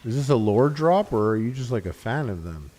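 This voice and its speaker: A man's voice: mid-range voice, very animated, brisk, dark tone. A man chatting casually over a video game stream. He swears freely, cracks jokes and keeps mimicking the characters he meets. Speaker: livestreamer. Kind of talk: casual gameplay commentary.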